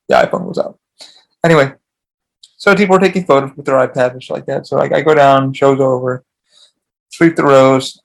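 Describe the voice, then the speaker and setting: A man with a gravelly, creaky voice. He rambles through casual stories, swears freely and often stops to restart a sentence. His voice sits a little high for a man. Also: rough recording. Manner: profane, rambling, with frequent restarts. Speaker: podcast host.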